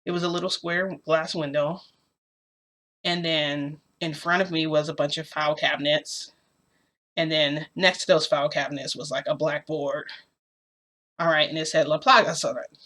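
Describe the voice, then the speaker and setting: A woman's voice: sits low, fairly even intonation, normal speed, fairly bright tone. A young woman vlogger telling a story casually, rambling with lots of filler words.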